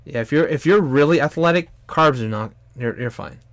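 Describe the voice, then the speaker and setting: A man's voice: fairly quick, gravelly, no room sound. Rambling streamer guy, dry close sound. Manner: rambling, animated, bursts into loud high put-on exclamations. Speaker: streamer and artist. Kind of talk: casual chat while drawing on stream.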